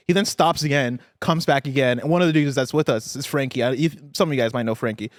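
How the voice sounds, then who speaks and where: Animated man telling a story, slightly high. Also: brisk, no room sound, clean studio sound. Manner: animated, swearing, heavy use of "like". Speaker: podcast co-host. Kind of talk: casual storytelling chat. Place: podcast studio.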